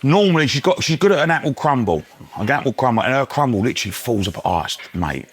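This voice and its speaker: A man's voice: mid-range voice, big pitch swings, fast, slight background noise. A man, chatting casually as a guest in a pub and telling stories with local slang. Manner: chatty storyteller, London slang. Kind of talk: casual chat.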